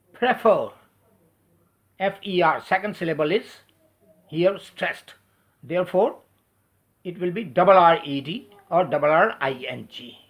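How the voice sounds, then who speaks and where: Fairly high-voiced man spelling words out. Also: a bit bright. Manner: spells words out letter by letter, slow deliberate delivery. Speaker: English teacher. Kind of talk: spelling lesson switching between English and Hindi.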